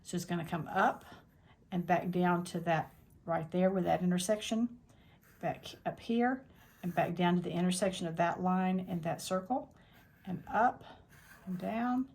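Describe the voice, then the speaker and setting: A woman with a gravelly, fairly low voice walks through a quilting design one step at a time. She talks plainly and practically, thinking aloud as she works. She sounds like she is in her quilting workspace at the machine. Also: unhurried, darkish tone. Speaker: quilting teacher. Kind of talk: step-by-step tutorial.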